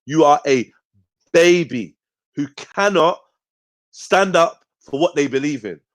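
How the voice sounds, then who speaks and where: A man's voice: fairly high pitch, lively intonation, slow pace. Confrontational man hosting a heated debate. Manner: confrontational, swears a lot, keeps tagging "yeah?". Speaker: host. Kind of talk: heated live panel debate.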